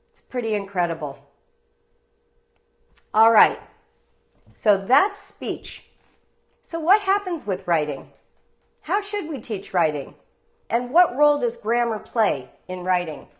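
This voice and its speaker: A woman's voice: on the high side, fairly bright tone. A woman who teaches homeschool writing, giving a live-streamed talk on a phone with playful stories and rhetorical questions. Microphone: phone livestream.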